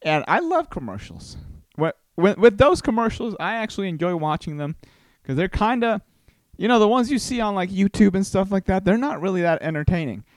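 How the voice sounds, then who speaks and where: A man's voice: sits high, very animated, brisk, no echo, clean studio sound. A man from Costa Rica hosting a casual solo podcast, telling rambling stories with many restarts. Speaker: podcast host.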